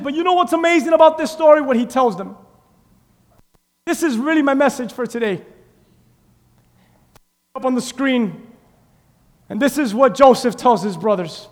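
A man preaching a sermon in a church, emphatic and impassioned, shouting some lines and repeatedly calling out to his congregation. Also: very high-pitched, moderate pace, pauses often, big-room sound. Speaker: pastor. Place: church sanctuary.

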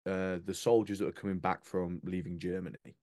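A man's voice: low voice, fairly even intonation, brisk, mellow, no room sound, studio quality. A man telling stories in a casual chat, full of restarts and asides. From England. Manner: chatty, storytelling with restarts. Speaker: guest.

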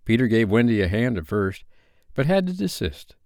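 A man reading a classic children's novel aloud as a bedtime story, in an expressive, lively manner. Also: mid-range voice, normal speed, no room sound, clean studio sound.

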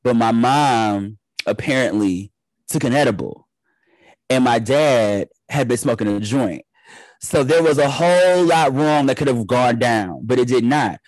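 A young man from the Detroit area chatting as a podcast guest, telling animated stories. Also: medium pitch, a little slow, no room sound, low-quality recording. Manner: animated storyteller, acts out family voices. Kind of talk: casual chat.

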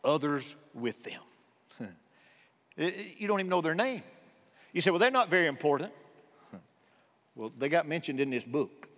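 High-voiced preacher in a reverberant church. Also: male voice, lively intonation, a little slow, long pauses. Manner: impassioned preaching with shifting loud and hushed delivery. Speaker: pastor. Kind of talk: sermon. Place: church sanctuary.

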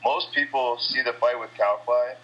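A man's voice: medium pitch, fairly even intonation, normal speed, sharp tone, dull audio, slight background noise. A man from the USA, a kickboxing champion, giving blunt, rambling, trash-talking answers in a casual interview.

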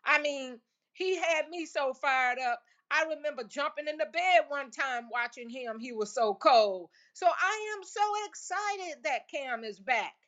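A woman's voice: high-pitched, lively intonation, unhurried, fairly bright tone, dull audio. A woman hosting her own football podcast, cheering with exuberant, emphatic repetition and churchy exclamations. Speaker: podcast host. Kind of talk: enthusiastic solo sports podcast.

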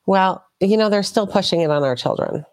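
A woman from Connecticut chatting casually as co-host, quick to agree and swearing now and then. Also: mid-range voice, expressive, darkish tone, no room sound, studio quality. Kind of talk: casual chat.

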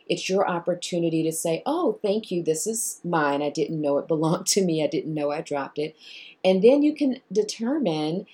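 A woman therapist speaks in a low, husky voice with a mellow tone. She explains her approach to viewers and acts out exchanges with clients, jumping up into animated voices for the quoted lines.

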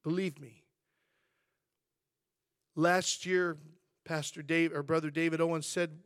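High-voiced man preaching in a chatty way. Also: unhurried, pauses often, clean tone, no echo, clean studio sound. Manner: chatty storytelling, animated and humorous. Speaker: pastor. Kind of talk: sermon.

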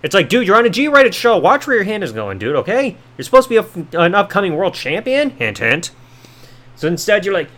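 A man's voice: sits high, sing-song, brisk, a bit bright. A man hosting a podcast, reviewing a wrestling show in a casual way, swearing and making sarcastic asides. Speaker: podcast host.

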